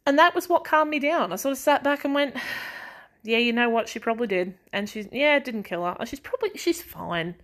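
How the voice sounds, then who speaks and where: A woman's voice: a little high, lively intonation, fairly quick, fairly bright tone. A young woman, casually rambling through family stories as a podcast host, laughing and sighing often. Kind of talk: casual chat.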